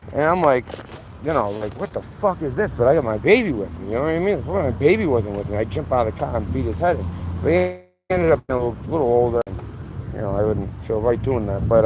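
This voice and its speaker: Heated man ranting outdoors. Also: fairly high pitch. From Massachusetts, USA. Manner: heated, profane, rambling, voice rising when worked up. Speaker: vlogger. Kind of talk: angry storytelling rant. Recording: noisy outdoor street recording.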